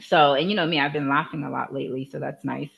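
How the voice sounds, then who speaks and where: A woman's voice: sits low, steady tone, fast, vocal fry, lo-fi sound. A woman from Cape Verde chatting casually as a guest, playful and laughing often. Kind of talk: casual chat.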